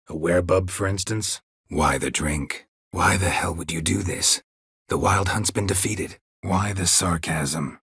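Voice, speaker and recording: An actor playing a gruff, laconic middle-aged monster hunter in a game, with a husky voice and clipped, dryly sarcastic questions. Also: male voice, fairly bright tone, dry recording, full character voice. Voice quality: husky, gravelly low voice. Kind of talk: game voice acting. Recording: dry close studio recording.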